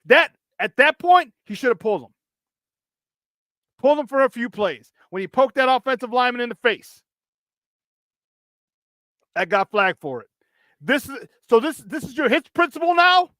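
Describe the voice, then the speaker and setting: Hosting sports talk radio, this man rants with heat and emphasis, hammering points through repetition. His high voice is sing-song, pushed and bright, at normal speed with frequent pauses. The sound is dry and close with no room sound.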